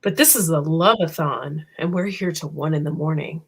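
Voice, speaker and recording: On a livestream, a woman with a low, husky voice co-hosts at a normal pace. She chats casually, bubbly and giggly, teasing her guests over a video call.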